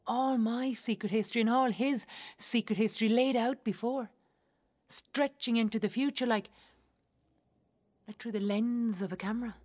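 An Irish actress as a wry, blunt young wife. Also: female voice, fairly high pitch, normal speed, long pauses, darkish tone, natural voice. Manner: earthy, wry and blunt, swearing freely. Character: blunt, wry young Irish woman recalling her marriage. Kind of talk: theatrical monologue.

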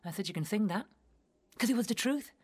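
A woman's voice: medium pitch, expressive, fairly quick, darkish tone, breathy edge. An actress with an Irish accent performing a theatrical monologue as a young Irish woman who speaks in an earthy, wry and blunt way and swears freely.

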